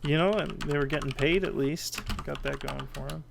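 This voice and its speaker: A man joining a podcast as its editor, chatting casually, animated, joking and swearing with frequent laughs. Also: on the high side, normal speed, vocal fry, background noise. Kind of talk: casual chat.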